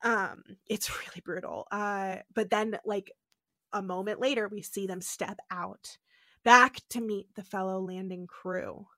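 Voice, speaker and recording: With a medium-pitched, unhurried voice and no echo, this young podcast co-host chats through an episode recap, animated, leaning heavily on "like" and slipping into voices.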